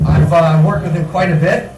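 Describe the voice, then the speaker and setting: Comedy host, male, high voice, rambling stand-up patter, echoey bar room, mic set far off. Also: fairly even intonation, moderate pace, vocal fry, a little mellow. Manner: rambling, with many fillers and self-corrections.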